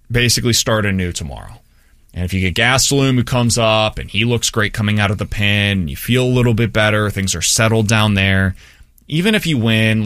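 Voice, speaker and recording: A man talks baseball in a casual, animated way, his pitch leaping up and down as he makes his points. His voice is bright and forward. The sound is dry and close. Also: no room sound. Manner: animated, swings between high and low pitch. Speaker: baseball podcast co-host. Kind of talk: casual sports talk.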